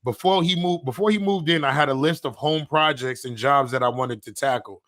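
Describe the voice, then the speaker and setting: A man, co-hosting a podcast in casual chat and telling animated stories. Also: mid-range voice, a little fast. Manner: animated storytelling. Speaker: podcast co-host.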